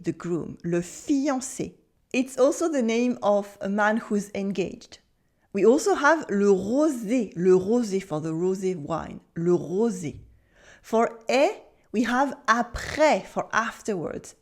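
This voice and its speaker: A French woman with a native French accent gives a pronunciation lesson, shaping each word carefully. Her voice sits a little high and she takes her time, leaving space for the listener to repeat. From France. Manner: slow, careful enunciation with repeat-after-me prompts. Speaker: French teacher.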